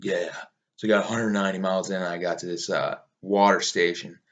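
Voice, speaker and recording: A man's voice: low voice, steady tone, fairly quick, a bit bright. A man casually recapping a long mountain race, rambling, swearing easily and laughing at himself. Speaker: ultramarathon runner recounting a race.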